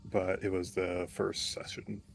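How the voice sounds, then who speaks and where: A man's voice: deep voice, little pitch movement, a little slow, creaky. A man chatting casually as a player, making short dry remarks. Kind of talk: casual chat.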